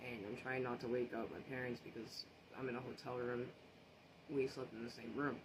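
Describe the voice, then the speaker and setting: A man's voice: mid-range voice, little pitch movement, brisk, noisy background. A man casually telling a story, rambling with many fillers and restarts.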